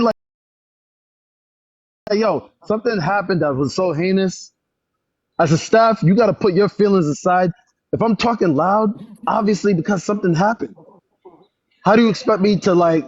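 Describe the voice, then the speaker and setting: A man chats on a phone livestream, his voice a touch higher than most men's. He tells his story animatedly, repeating himself and raising his voice when upset. The sound is dull and dry, with the lo-fi feel of phone audio. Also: slightly rough, no echo. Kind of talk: casual livestream chat. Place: public library.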